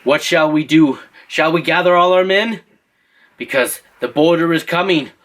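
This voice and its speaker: A man's voice: on the high side, moderate pace, a bit bright, natural voice. A man voicing a cautious royal council, pressing the young king with urgent questions. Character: anxious royal council of men, cautious advisers.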